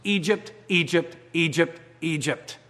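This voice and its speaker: A man's voice: a little high, a little slow, pushed and bright. A man preaching a sermon, reading scripture aloud and commenting on it with pointed rhetorical questions. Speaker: pastor. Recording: long reverb of a large hall.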